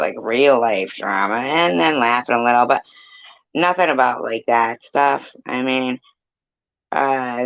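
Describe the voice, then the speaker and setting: A man's voice: medium pitch, measured pace, a bit bright, clean tone, highs cut off. A man hosting a casual live chat room, rambling and blunt, swearing now and then.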